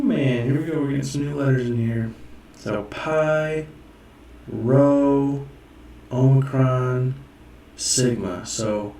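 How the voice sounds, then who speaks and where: Casual male teacher, unhurried and self-correcting, recorded from a distance in a very echoey room. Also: mid-range voice, gravelly, warm tone. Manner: rambling, self-correcting, sounds words out. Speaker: self-taught Greek learner teaching viewers. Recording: echoey room, mic far off, faint noise.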